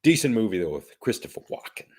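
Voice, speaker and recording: A man's voice: fairly low pitch, big pitch swings, quick pace, slightly rough. A man co-hosting a podcast, chatting in an easygoing, rambling way and telling stories. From Canada. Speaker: podcast co-host. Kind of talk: casual podcast chat.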